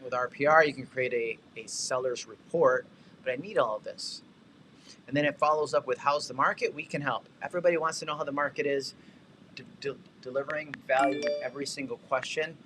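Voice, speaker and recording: Host type: lively, bright-voiced man running a casual livestream demo, chatty and upbeat, faint noise behind. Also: medium pitch, a little fast. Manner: energetic, talkative, shout-outs and asides. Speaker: livestream host and real estate tech coach.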